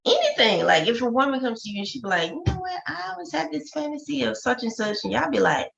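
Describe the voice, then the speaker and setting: A woman's voice: high-pitched, sing-song, fast talker, creaky, fairly bright tone. A woman co-hosting a casual film review chat, blunt and teasing. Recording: muffled lo-fi sound.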